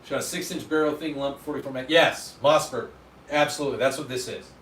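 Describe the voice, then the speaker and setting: A man's voice: medium pitch, steady tone, fairly quick, fairly bright tone. A man chats casually on his livestream, rambling and poking fun at himself as he answers viewers. His voice sits in the middle range. He sounds slightly distant in an echoey room, with faint background noise. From Utah, USA. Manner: rambling, self-deprecating, answers chat. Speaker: livestream host. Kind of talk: casual livestream chat reading comments.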